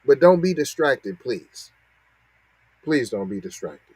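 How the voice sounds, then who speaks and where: A man's voice: medium pitch, sing-song, slow pace, a little mellow, husky, no echo, poor audio. A man, hosting a podcast and reacting to news clips with mocking, repetitive commentary. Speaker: podcast host.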